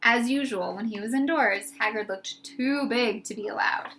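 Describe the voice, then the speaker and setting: A woman giving a lively, expressive storybook read-aloud. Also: fairly high pitch, moderate pace, slight background noise. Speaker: audiobook reader.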